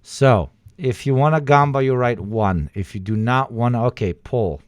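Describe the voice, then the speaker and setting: A man hosting a livestream in casual chat, excitable and swearing, pleading loudly with his viewers. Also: mid-range voice, measured pace, dry recording, clean studio sound. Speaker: livestream host.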